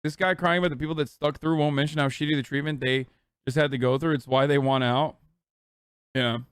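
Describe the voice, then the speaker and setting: A man's voice: fairly high pitch, steady tone, a little fast, a bit bright, clear, resonant tone, dry recording, studio quality. A man in his thirties ranting and mocking in profane, casual live-stream commentary.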